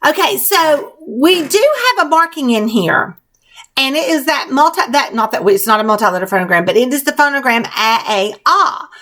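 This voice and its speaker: A woman's high, animated, fairly bright voice guides young children through a spelling lesson. As their teacher, she spells words letter by letter in a slow, clear way that encourages them.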